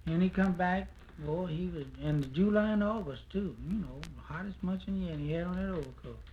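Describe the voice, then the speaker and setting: High-voiced storyteller. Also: male voice, fairly quick, narrow, tinny audio, a little hiss or hum. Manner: folksy, drawling storyteller. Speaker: folk singer. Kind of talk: folk storytelling and blues singing. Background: guitar.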